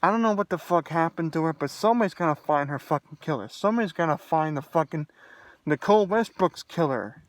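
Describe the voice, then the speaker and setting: Agitated young man ranting, high voice. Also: lively intonation, fast, no echo. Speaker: vlogger. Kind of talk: angry solo rant to camera.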